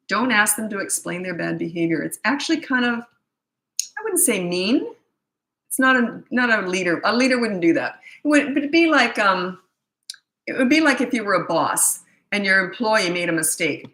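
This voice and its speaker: Chatty, bright-voiced woman coaching parents live. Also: mid-range voice, animated, normal speed. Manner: chatty, blunt and self-deprecating, laughs at herself. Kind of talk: casual live-stream chat answering viewer questions. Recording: echoey room.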